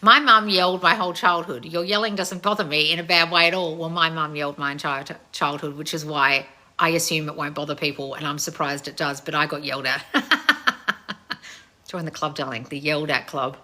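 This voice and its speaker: A woman in her thirties, a channel host reading viewer comments in a loud, blunt, casual way and swearing freely. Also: sits low, fairly even intonation, a little fast. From family of Croatian heritage. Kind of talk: casual live chat.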